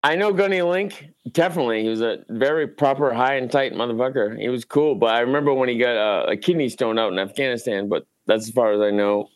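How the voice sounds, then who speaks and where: A man's voice: medium pitch, fast talker, hardly any pauses, no room sound. A man co-hosting a veterans' podcast, chatting in a laid-back way full of profane banter. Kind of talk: casual chat.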